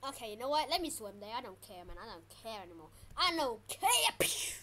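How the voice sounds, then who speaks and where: A woman giving casual gameplay commentary as a channel host, excitable and trash-talking her opponents. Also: on the high side, fast talker, a little hiss or hum.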